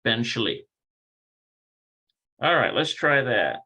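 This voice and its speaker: Lively bright-voiced man teaching casually. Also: mid-range voice, takes it slowly, low-quality recording. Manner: rambling, thinks aloud and corrects himself. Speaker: Hebrew teacher. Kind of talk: casual livestreamed language lesson.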